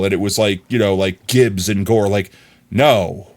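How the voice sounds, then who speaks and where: A young man livestreaming, chatting casually with his viewers and telling stories in an animated way. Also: lowish voice, brisk. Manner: animated storyteller, often laughing.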